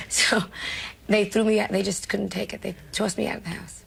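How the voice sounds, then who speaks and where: Older woman comedian from New York, gravelly and husky, brash, self-deprecating storyteller. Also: mid-range voice, flat delivery, quick pace. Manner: brash, self-mocking, emotional, laughs often. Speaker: comedian interviewee. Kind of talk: candid interview storytelling.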